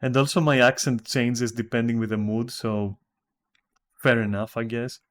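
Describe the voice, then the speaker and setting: A man's voice: medium pitch, level tone, moderate pace. A man with a Greek accent chatting casually with viewers while streaming a game from home, rambling and swearing casually. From Greece.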